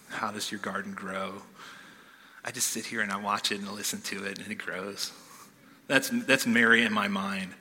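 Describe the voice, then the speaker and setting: A man preaching a sermon in a casual, animated way, often checking in with "okay?", in a church hall. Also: lowish voice. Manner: conversational, animated, keeps asking "okay?". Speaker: pastor.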